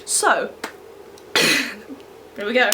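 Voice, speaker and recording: A woman's voice: on the high side, big pitch swings, drawn-out words, sharp tone, a little hiss or hum. A young woman telling a rambling, chatty story at home, keeping her voice down and laughing between asides. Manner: keeps voice down so as not to wake someone. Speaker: beauty vlogger. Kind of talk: casual storytime.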